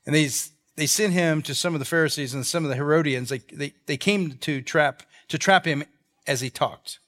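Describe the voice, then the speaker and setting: A man's voice: fairly high pitch, normal speed. A male pastor preaching a sermon in a conversational way, reading scripture and briefly acting out the people in the story. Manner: animated, acts out the quoted people in the stories; conversational, with repeated restarts.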